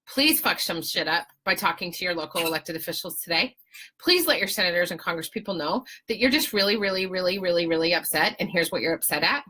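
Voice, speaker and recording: A woman hosting a podcast, giving casual political commentary in an animated, sarcastic, exclamatory way. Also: medium pitch, low-quality recording. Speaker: podcast host.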